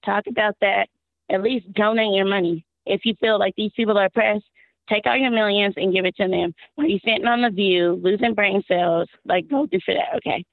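A woman from Texas calling into a show, her voice hoarse and worn out, rambling and exasperated with frequent laughs. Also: mid-range voice, dry recording. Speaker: caller. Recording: tinny phone line.

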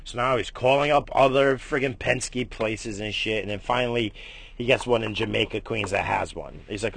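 A man hosting a casual morning vlog, rambling and swearing, jumping between loud bursts and low mutters. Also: normal speed, vocal fry, husky, no room sound. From United States. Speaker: morning stream host.

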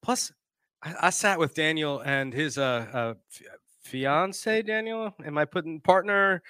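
Guy hosting a live show, chatty and laughing a lot, dry sound, bright tone. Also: a little high, a little slow, smooth, no room sound. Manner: laughing, reading out comments, animated. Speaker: podcast host. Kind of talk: casual live-stream chat.

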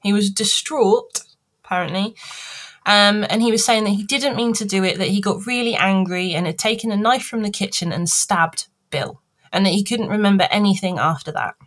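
A woman telling a true-crime story on a podcast in a chatty, animated way, acting out people as she goes. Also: medium pitch, normal speed.

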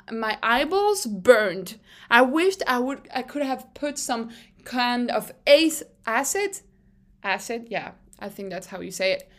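Giggly, slow-talking young woman podcaster. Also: a little high. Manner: gushing, giggly, rambling with restarts. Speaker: podcast host. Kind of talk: casual solo podcast chat.

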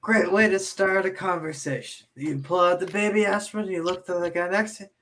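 Man, podcast co-host, dry teasing humor, bright voice, faint background noise. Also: high-pitched, brisk. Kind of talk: casual chat.

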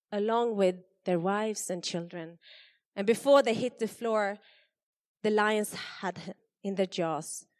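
A woman giving an expressive Bible reading to a church congregation, her voice rising for the quoted speakers. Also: medium pitch. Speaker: scripture reader. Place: church hall. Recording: long hall reverb.

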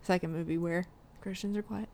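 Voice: medium pitch, steady tone, brisk, warm tone. A co-host in a casual conversation about a movie, chiming in often and finishing the other speaker's sentences. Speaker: podcast co-host. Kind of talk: casual chat reviewing a movie.

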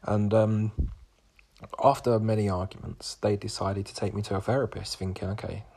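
Gravelly-voiced young man telling a story. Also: lowish voice, steady tone, normal speed, warm tone. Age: 20s. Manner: rambling, with many fillers and restarts. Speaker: podcast host. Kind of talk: personal storytelling.

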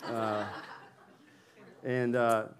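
A man's voice: medium pitch, level tone, very slow, slight background noise. A male pastor preaching to his congregation in a playful, chatty way and laughing often as he brings volunteers up on stage. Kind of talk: sermon with audience interaction. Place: church hall with congregation.

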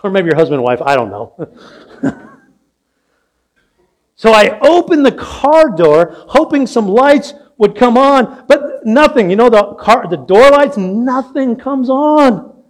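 A man's voice: very high voice, big pitch swings, takes it slowly. An older man preaching a sermon as pastor, telling a story and asking the congregation questions. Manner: storytelling, asks the audience questions. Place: church sanctuary.

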